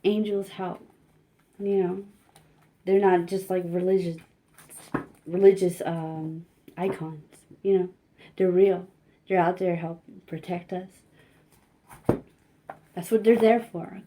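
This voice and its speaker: A woman giving a casual spiritual card reading, talking gently and haltingly with many fillers. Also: fairly low pitch, steady tone, a little hiss or hum.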